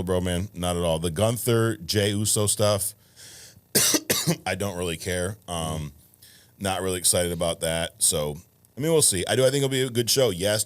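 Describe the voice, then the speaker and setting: A man in his thirties from the States co-hosts a podcast with a low, relaxed voice. He reads viewer comments aloud in an easy, casual way, peppering his talk with "dude" and "bro" and the odd swear. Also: normal speed. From United States. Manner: laid-back, swears freely, calls people bro and dude. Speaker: podcast co-host.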